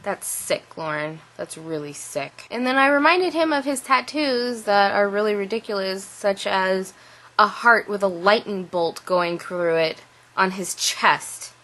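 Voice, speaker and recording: A young adult woman telling a story to camera in a casual vlog, animated and full of "like" fillers. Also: medium pitch, measured pace, low-quality recording. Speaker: vlogger.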